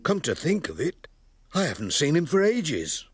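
A man voicing a worn-out, homely postman dad, sounding hoarse and tired in a children's cartoon. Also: a little high, huge pitch swings, normal speed. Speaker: father character. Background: music.

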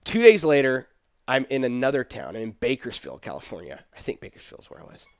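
A middle-aged man telling a personal story in casual conversation, animated and quoting the people in it. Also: mid-range voice, fairly quick, no room sound, clean studio sound. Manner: animated, quotes people in his story, laughs between. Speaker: guest telling his story.

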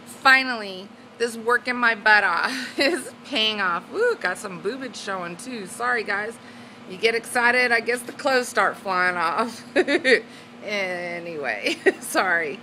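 A woman with a drawl talks straight to her camera in a loose, casual vlog. She sounds bubbly and easily excited, often breaking into giggles. Her voice has a bright, forward edge. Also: mid-range voice, slow, slight background noise, low-quality recording. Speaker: weight-loss vlogger. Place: at home indoors, then on a swing.

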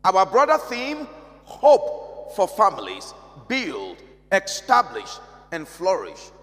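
High, lively-voiced pastor preaching slowly. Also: male voice. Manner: measured, emphatic preaching with repeated phrases. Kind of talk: sermon. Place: large church hall. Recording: long reverb of a church hall.

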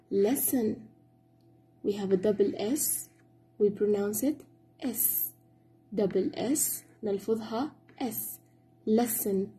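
Slow, dark-voiced woman teacher. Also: medium pitch. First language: Arabic. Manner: slow, clear drilling with repeated words and praise. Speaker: English teacher. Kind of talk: classroom lesson for children.

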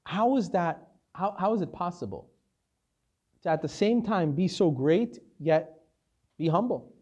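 A rabbi with a notably high-pitched voice delivers a Torah lecture. He speaks in a relaxed, conversational way, tells stories with animation and mixes Hebrew terms into his English. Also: unhurried, husky, lo-fi sound.

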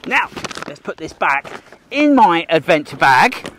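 A man's voice: fairly high pitch, big pitch swings, measured pace, pushed and bright, slight background noise. A man leading a livestreamed nature walk for children outdoors, enthusiastic, talking straight to the viewer and gasping at what he finds. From Australia. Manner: enthusiastic, talks to the viewer, jokes and gasps at finds.

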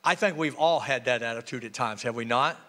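A man's voice: medium pitch, brisk, bright, forceful tone. A male pastor, preaching a sermon in a church with humor and call-and-response. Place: church sanctuary. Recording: reverberant church hall.

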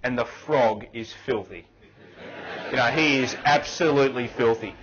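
A man's voice: medium pitch, moderate pace, a bit bright, highs cut off. A man with an Australian accent gives a conversational business talk at a conference and asks the audience questions. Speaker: conference presenter. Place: conference room.

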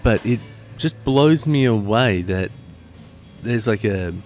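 A middle-aged Australian man hosts a podcast, rambling through loose, jokey chat and often restarting his sentences. His voice sits fairly low, and faint music plays behind him. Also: animated, slow pace, a little mellow. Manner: chatty, rambling, laughs easily, many restarts. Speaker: podcast host. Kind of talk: casual interview chat.

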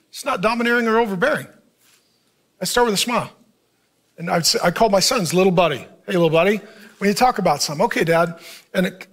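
A man's voice: sits high, fairly bright tone. A middle-aged man, a pastor, giving a conversational sermon, putting questions to the audience and acting out short bits of dialogue. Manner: conversational preaching, asks the audience questions, acts out quoted dialogue.

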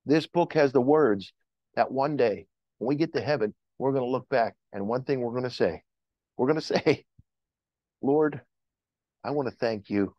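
A man's voice: medium pitch, moderate pace, no echo. Male pastor, fervent sermon, rising calls to the flock, dry and muffled sound. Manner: impassioned preaching with rising calls to the congregation. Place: church sanctuary.

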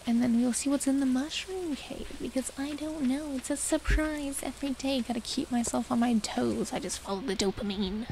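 A woman's voice: high-pitched, normal speed, vocal fry, hardly any pauses, low-quality recording. A young woman streamer rambling through casual game commentary, self-mocking and chatty as she talks to herself. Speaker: gaming streamer. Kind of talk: casual let's-play commentary. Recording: steady background noise.

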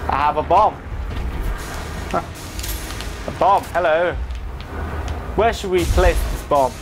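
A man giving chatty, excitable live commentary while playing a video game, talking to his viewers and swearing now and then. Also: on the high side, takes it slowly, music in the background. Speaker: gaming video host. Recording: commentary over loud game gunfire.

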